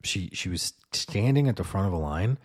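Deep-voiced man rambling on a podcast. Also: lively intonation, moderate pace, husky. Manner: rambling, lots of fillers and swearing. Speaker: podcast host. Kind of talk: casual monologue.

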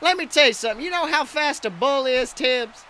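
A man voicing a crude, excitable wrestling announcer who calls the action in profane play-by-play. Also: very high voice, a little fast, a little hiss or hum, heavily acted. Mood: excited. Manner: profane, excitable, shouts big moves. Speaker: wrestling commentator character. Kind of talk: comedic play-by-play commentary.

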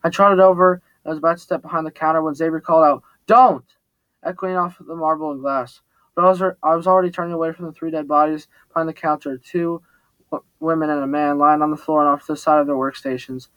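A man's voice: on the high side, steady tone, fast, a bit bright, no echo, lo-fi sound. Man narrating a first-person story. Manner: plain reading with small slips and restarts. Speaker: audiobook narrator.

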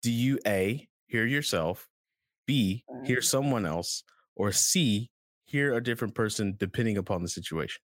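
A man's voice: on the low side, lively intonation, normal speed, no room sound, studio quality. A man hosting a podcast in casual chat, rambling and playful as he jumps between topics. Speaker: podcast host.

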